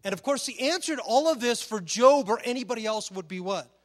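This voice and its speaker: A man preaching a sermon, animated, full of rhetorical questions, often repeating words as he searches for the next one. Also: extremely high pitch, brisk, in a large hall. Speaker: pastor.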